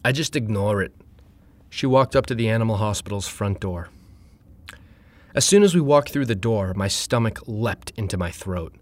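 A man reading a first-person story aloud in a wry, deadpan way. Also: fairly low pitch, moderate pace. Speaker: narrator.

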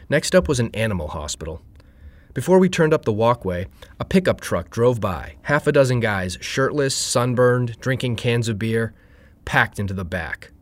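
A man reading a first-person story aloud in a wry, deadpan way. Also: fairly low pitch, no echo. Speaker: narrator.

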